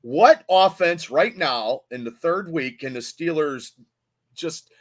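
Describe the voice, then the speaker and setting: A man's voice: fairly high pitch, lively intonation, slow pace. A man co-hosting a casual sports podcast, joking and laughing easily. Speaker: podcast co-host.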